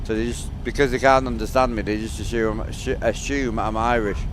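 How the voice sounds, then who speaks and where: A man from North East England with a North East England accent, chatting casually with viewers on a live stream. He talks quickly and slurs his words in a muddy voice. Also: fairly low pitch, fairly even intonation, noisy background.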